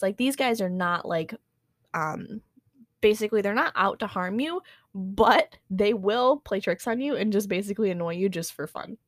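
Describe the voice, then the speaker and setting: A woman's voice: mid-range voice, dry recording. Chatty woman podcast co-host. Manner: chatty, lots of "like" and "um", laughs often. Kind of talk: casual chat.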